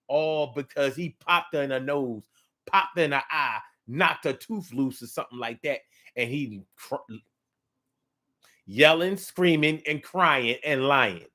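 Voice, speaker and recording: Man with a fairly high voice, casual comic monologue, animated and slangy. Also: unhurried. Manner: animated, slangy, repetitive storytelling. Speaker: comedic commentator.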